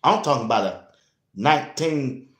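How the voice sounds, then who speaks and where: A man hosting a casual sports talk show, blunt and animated, speaking straight to his listeners. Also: medium pitch, normal speed. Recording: roomy echo.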